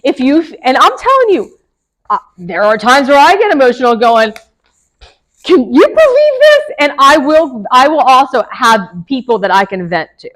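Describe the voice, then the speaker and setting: A woman's voice: sits high, sing-song, normal speed, fairly bright tone, poor audio. Chatty woman teaching a class. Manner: chatty, laughs often, asks the room questions. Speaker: real estate broker teaching agents. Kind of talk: casual classroom lecture.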